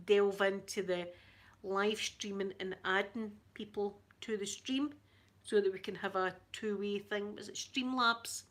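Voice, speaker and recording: A woman's voice: mid-range voice, a bit bright. A middle-aged woman with a thick Scottish accent, chatting casually with viewers on her livestream, laughing often. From Scotland. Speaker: livestream host. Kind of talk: casual chat with live viewers.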